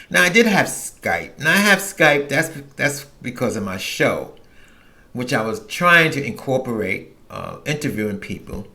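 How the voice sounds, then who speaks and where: A middle-aged man tells a candid personal story on his own show, rambling and restarting as he goes. His voice is bright and forward, and his pitch swings widely. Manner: frank, rambling, with many restarts and quoted asides. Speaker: podcast host.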